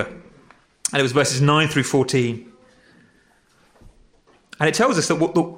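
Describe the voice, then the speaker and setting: Preaching a sermon in a relaxed, conversational style, this pastor pokes fun at himself and repeats his points. His voice is on the high side and a bit bright.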